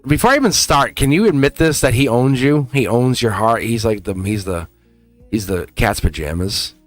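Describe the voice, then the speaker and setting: A man's voice: mid-range voice, lively intonation, normal speed, no room sound, faint music behind. A man with a Boston accent giving a casual, rambling livestream tarot reading, restarting phrases and chuckling. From England.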